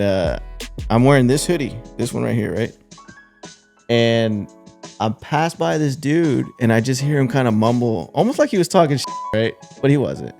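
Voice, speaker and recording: A man's voice: mid-range voice, creaky, a little mellow. A young man hosting a podcast, telling stories in a loose, slangy, casual way with lots of fillers. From Texas. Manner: laid-back storytelling, lots of slang and fillers. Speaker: podcast host. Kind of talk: casual chat.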